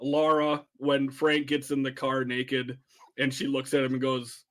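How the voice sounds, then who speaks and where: A man's voice: mid-range voice, monotone, unhurried, a bit bright. A man co-hosting a podcast, casually retelling favorite film lines with laughs and lots of fillers. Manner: rambling, laughs while retelling quotes. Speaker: podcast co-host. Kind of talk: casual chat about a film.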